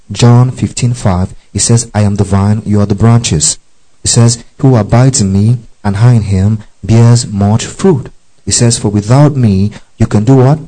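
A man leads a Bible study, reading verses aloud and pausing to spell out Greek words. His voice is low and mellow. He keeps checking in with his listeners, asking if they follow. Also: low-quality recording. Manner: checks understanding with frequent "okay?" and "you see that?". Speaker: Bible teacher.

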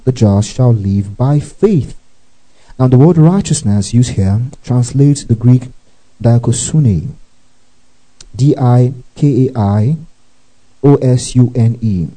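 Reading scripture with running asides, this preacher delivers a teaching sermon, frequently checking that his listeners are following and bursting into praise. His voice is medium-pitched and mellow, captured in a low-quality recording.

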